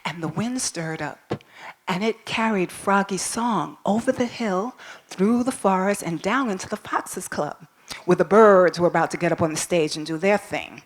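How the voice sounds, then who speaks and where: A woman storyteller speaking live to an audience at a school ball, expressive and coaxing, asking listeners to repeat words after her. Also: fairly low pitch, moderate pace.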